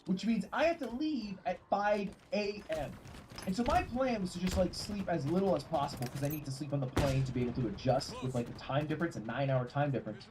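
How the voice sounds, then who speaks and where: A man's voice: a little high, a little mellow. A man streaming a game, telling a rambling, profane story in casual chat. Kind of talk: casual storytelling while gaming. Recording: game gunfire noise under voice. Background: game gunfire and ambience.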